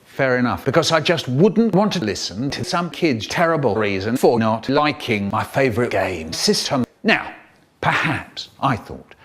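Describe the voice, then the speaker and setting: Man telling a comic story, lively pitch. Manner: animated, exaggerated storyteller. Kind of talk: comic first-person storytelling.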